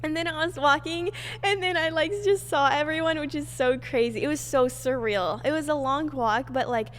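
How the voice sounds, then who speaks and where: A woman's voice: sits high, normal speed, a little hiss or hum. A woman co-hosting a podcast, chatting casually with a bubbly, giggly way of telling stories. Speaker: podcast co-host. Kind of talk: casual chat. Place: wedding venue.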